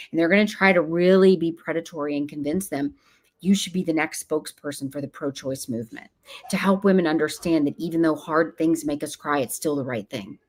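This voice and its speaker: Low-voiced earnest woman guest. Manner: earnest and emphatic, acting out what others say. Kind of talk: casual interview talk.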